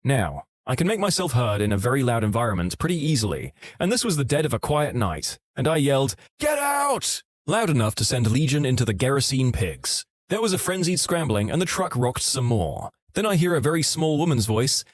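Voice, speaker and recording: A man narrating online stories in a steady, scripted storytelling delivery. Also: medium pitch, brisk, dry recording.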